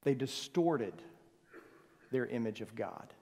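A male pastor preaching a sermon, swinging from loud emphasis to soft, hushed phrases. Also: medium pitch, animated, takes it slowly, vocal fry. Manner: swings from loud emphasis to near-whispered softness. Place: church sanctuary. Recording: long reverb of a church hall.

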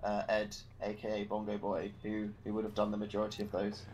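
A man's voice: on the low side, monotone, a little fast, darkish tone. A man chatting casually on a gaming stream, playful and laughing often.

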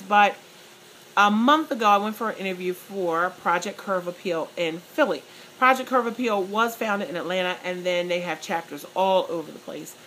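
Excited chatty woman vlogger. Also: mid-range voice, a little hiss or hum, low-quality recording. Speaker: vlogger and plus-size model. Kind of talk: casual chat to viewers.

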